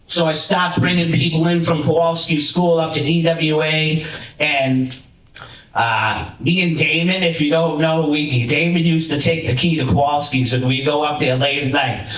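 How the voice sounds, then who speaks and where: A man giving a rambling, animated storytelling speech at a ceremony in a lodge hall. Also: fairly high pitch, normal speed. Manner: rambling, animated, many restarts. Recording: roomy hall from far off.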